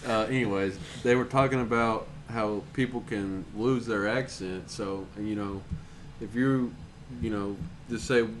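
A blunt, crude young man with a Southern US accent, co-hosting a casual podcast. His voice sits a little low, with a faint hiss in the background. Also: fairly even intonation, a little slow, rough recording. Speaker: podcast co-host. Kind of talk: casual chat.

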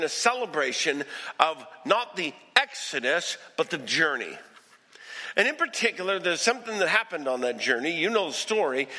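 A male pastor preaching a sermon, storytelling with lively delivery and acting out quoted voices. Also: a little high, big-room sound.

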